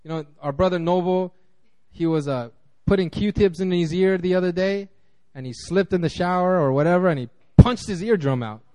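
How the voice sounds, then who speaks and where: A man pastor giving a casual, conversational sermon, animated and acting out quotes, with frequent restarts. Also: high-pitched, normal speed.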